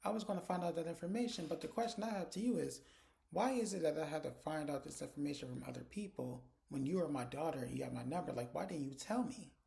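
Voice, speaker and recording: A man's voice: a little high, quick pace, vocal fry, dark tone, voice pushed up. A man voicing a bossy, dramatic middle-aged mother who scolds and teases in a sassy way. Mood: sassy scolding.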